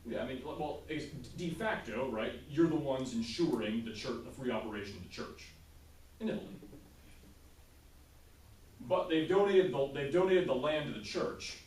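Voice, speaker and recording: A man's voice: medium pitch, animated, moderate pace, slight background noise. A male teacher giving a casual history lecture in class, often checking in with his students by asking "right?". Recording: roomy, distant classroom sound.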